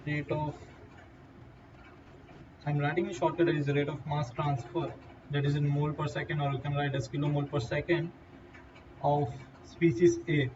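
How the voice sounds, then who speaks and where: A man with an Indian English accent giving a halting whiteboard lecture, with fillers and restarts. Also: on the high side, flat delivery. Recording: distant, dull lo-fi mic with faint noise.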